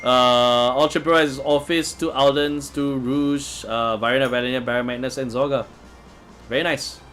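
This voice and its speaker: A man's voice: mid-range voice, steady tone, moderate pace, fairly bright tone, faint music behind. A man hosting a casual live stream, answering viewer comments in a chatty way and chuckling often. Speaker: livestream host reading chat.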